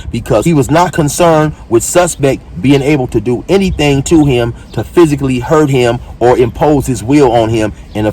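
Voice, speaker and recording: A man's voice: medium pitch, a little mellow, slight background noise. A man hosting his own channel, recapping and mocking a clip in blunt, profane casual commentary.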